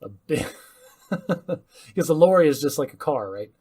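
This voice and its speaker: A man's voice: fairly high pitch, lively intonation, normal speed, a little mellow, breathy edge. A man co-hosting a podcast in casual chat, trading snarky jokes. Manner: snarky, joking. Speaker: podcast co-host.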